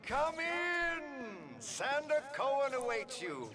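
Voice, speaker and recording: Sander Cohen: a flamboyant mad artist villain. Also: male voice, extremely high pitch, big pitch swings, full character voice. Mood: theatrical menace. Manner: grandiose, drawn-out, sing-song delivery. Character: theatrical unhinged male artist villain. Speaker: game character. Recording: game audio with crowd noise.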